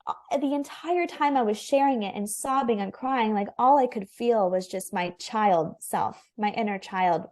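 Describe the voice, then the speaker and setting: A woman's voice: a little high, moderate pace, darkish tone. A young woman speaking as an interview guest, telling her personal story earnestly and candidly, with lots of filler "likes".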